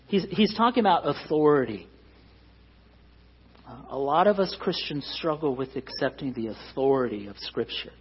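A man's voice: medium pitch, lively intonation, a little slow, long pauses, slightly rough, highs cut off. A man preaching a sermon as pastor, earnest and emphatic, pressing his points with rising stresses.

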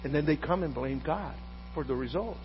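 A high-voiced man in his fifties delivers a sermon, rising to loud, emphatic preaching and dropping to quiet asides. The audio is dull and lo-fi, with a faint mains hum underneath. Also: fairly quick. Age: 50s. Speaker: pastor.

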